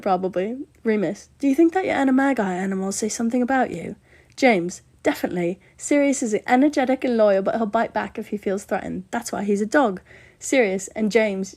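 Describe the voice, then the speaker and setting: A woman's voice: medium pitch, a little mellow. A woman doing a put-on British accent, reading fan posts aloud for comedy and naming each speaker before their line. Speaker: content creator.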